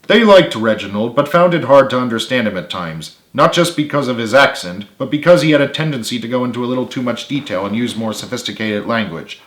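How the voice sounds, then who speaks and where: A man, the author, narrating his own book in a steady read-aloud. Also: medium pitch, a little fast, few pauses, reverberant.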